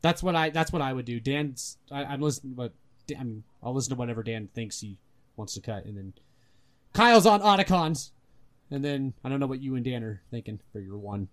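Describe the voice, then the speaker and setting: A young man co-hosting a gaming podcast in casual chat, animated and swearing often. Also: medium pitch, fairly quick. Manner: animated, swears a lot, mocks characters in put-on voices. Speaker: podcast co-host.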